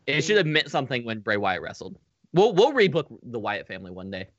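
A man's voice: mid-range voice, very animated, fast, no echo, muffled recording. A man co-hosting a casual chat, blunt, profane and teasing. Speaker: podcast co-host.

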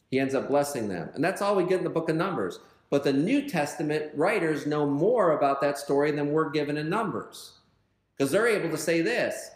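A man's voice: fairly high pitch, expressive, fairly quick, roomy sound. A male pastor teaching a verse-by-verse sermon in a conversational way, retelling scripture in everyday words.

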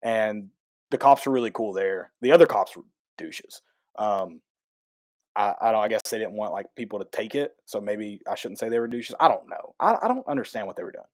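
Excitable man telling a story. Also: on the low side, fairly quick, no room sound. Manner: excitable, rambling, self-correcting. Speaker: podcast co-host. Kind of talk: casual storytelling chat.

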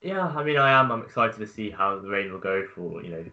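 A man's voice: on the low side, animated, fairly quick, sharp tone. A young man on a podcast panel, talking hesitantly with many fillers over a remote line. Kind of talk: casual football chat. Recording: dull lo-fi remote line with faint noise.

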